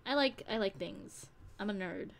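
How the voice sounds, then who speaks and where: A woman's voice: mid-range voice, moderate pace, creaky, a bit bright. Candid young woman chatting on stream. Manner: candid, rambling, swears casually. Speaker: streamer and audio creator. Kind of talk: casual live-stream chat.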